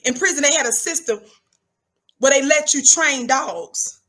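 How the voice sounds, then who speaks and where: High, bright-voiced woman preaching on a livestream. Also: unhurried. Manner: emphatic, preachy, repeats words for effect. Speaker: livestream commentator. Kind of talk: animated livestream monologue.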